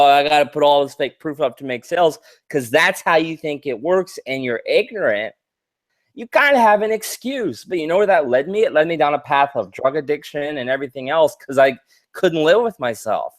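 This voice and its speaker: A man's voice: on the high side, animated, moderate pace, no room sound. A man in the middle of a fired-up rant on a casual podcast, swearing freely and tripping over his words as he gets more and more worked up. He sounds on the edge of tears. His voice is dry and close, with no room sound around it. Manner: heated, profane ranting with stammered restarts. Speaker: podcast co-host.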